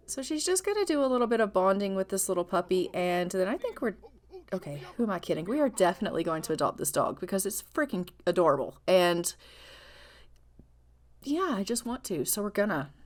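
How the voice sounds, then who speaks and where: A woman's voice: medium pitch, very animated, moderate pace. A woman playing a life-sim game and commenting on it in a bubbly, gushing way. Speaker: gaming channel host. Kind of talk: let's play commentary.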